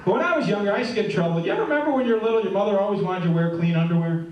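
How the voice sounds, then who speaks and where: High-voiced comedian in an echoey hall. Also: male voice, very fast, lo-fi sound, slight background noise. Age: middle-aged. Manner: joke-telling, chatty, asks the crowd questions. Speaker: stand-up comedian. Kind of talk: stand-up routine with audience banter. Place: live stage before an audience. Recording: echoey room, heard from far off.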